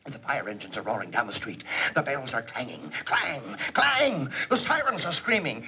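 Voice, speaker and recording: An excitable blustering boss. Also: male voice, medium pitch, moderate pace, heavily acted. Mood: dramatic. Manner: volatile, swings from stern to giddy. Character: excitable, blustering middle-aged male company boss. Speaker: businessman, the boss. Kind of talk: 1940s film comedy acting. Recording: muffled 1940s film soundtrack with hiss.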